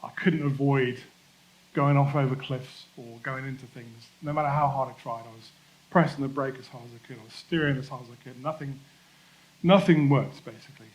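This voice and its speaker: A man preaching a church sermon in a conversational, self-deprecating way, slowing down to stress key points. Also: mid-range voice, highs cut off. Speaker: pastor.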